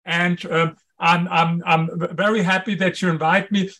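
A guest author on an interview show speaks English with a strong German accent, his voice fairly high for a man. He hammers home his points, often repeating the key ones, with a flat delivery at normal speed that sounds pushed and bright.

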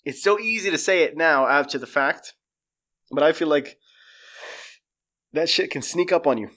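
A man on a casual livestream, ranting in an animated, profane way, his voice jumping up when he gets exasperated. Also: a little high, moderate pace. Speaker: streamer.

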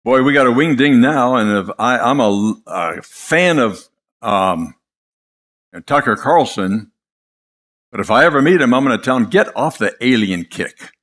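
Older man, preacher, lively swinging pitch, impassioned sermon. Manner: impassioned, storytelling, dramatic pauses.

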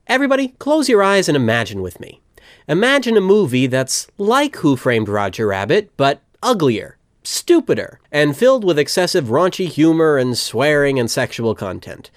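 A man hosting a comedy podcast, talking in a wry, animated, jokey way. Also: a little high, moderate pace, dry recording, studio quality. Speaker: podcast host. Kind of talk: comedic casual chat.

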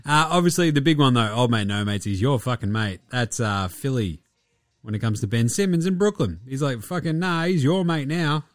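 A man's voice: mid-range voice, sing-song, fairly quick, no echo, clean studio sound. An Australian man hosting a basketball podcast, chatting casually in a jokey, rambling way with plenty of swearing. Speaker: podcast host.

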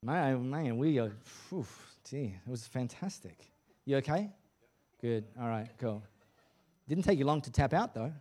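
A man's voice: mid-range voice, animated, a little slow, mellow. A male pastor preaching a sermon at a church service in a casual, joking, conversational way.

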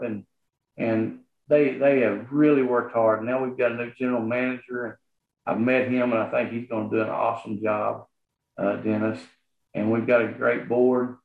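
A Southern-accented man speaks sincerely in a halting way, full of "you know" and "uh." His voice comes through thin and phone-like. The room around him sounds echoey. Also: medium pitch. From Arkansas, USA. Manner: earnest, halting, many fillers and restarts. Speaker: guest, property association manager. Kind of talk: casual interview talk.

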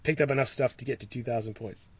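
A man's voice: mid-range voice, fast, husky, no room sound. Male podcast host, easygoing and chatty, dry close sound, a bit muffled. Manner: laughs often, relaxed and rambling. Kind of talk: casual podcast chat. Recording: dull lo-fi sound.

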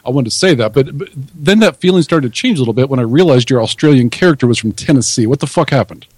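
A man's voice: mid-range voice, lively intonation, fast talker, a little mellow, husky, dry recording. A man calling in to a talk show, friendly and teasing the host. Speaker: caller. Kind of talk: casual phone-in banter.

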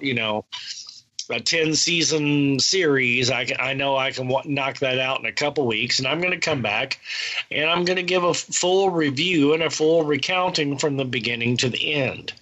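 A man's voice: medium pitch, bright, forceful tone, dull audio. A man who hosts a TV review show, chatting casually and giving long explanatory answers. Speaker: podcast host reviewing TV shows. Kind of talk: casual chat.

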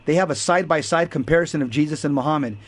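A man's voice: fairly high pitch, racing. Earnest man listing points. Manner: earnest, repetitive, lists points one by one. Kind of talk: casual explanatory talk.

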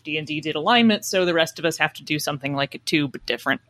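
A woman's voice: low-pitched, rapid-fire, fairly bright tone, no room sound. Dry-voiced woman podcast co-host. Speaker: podcast co-host reading sponsor spots. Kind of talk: casual podcast chat and ad reads.

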